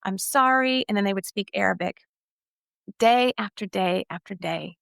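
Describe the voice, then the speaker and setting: A woman's voice: mid-range voice, normal speed, gravelly, dry recording, clean studio sound. A woman from Texas, a podcast guest telling her life story in an earnest, emphatic way. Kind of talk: personal testimony storytelling.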